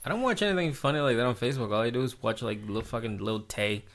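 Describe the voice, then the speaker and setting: A man's voice: mid-range voice, fast talker, fairly bright tone. A man co-hosting a podcast in casual chat, rambling, profane and self-deprecating. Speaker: podcast co-host.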